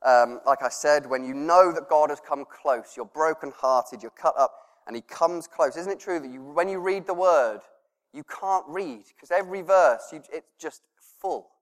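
Guy preaching a sermon, earnest, soft laughs, hushed prayer bits, echoey church hall. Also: on the high side, normal speed. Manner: earnest, laughs softly, drops to a hush for prayers. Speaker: pastor.

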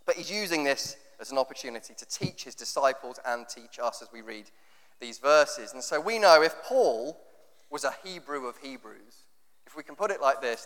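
A man's voice: medium pitch, fairly bright tone. A man preaching a sermon in a conversational, jokey way, often acting out what people say. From England. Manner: conversational, jokey, acts out quotes. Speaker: pastor. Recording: long hall reverb.

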